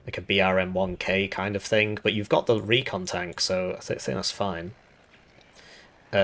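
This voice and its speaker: Raspy-voiced man rambling through game commentary. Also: lowish voice, a bit bright. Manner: rambling, thinks aloud with fillers and restarts. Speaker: gaming YouTuber reviewing a devblog.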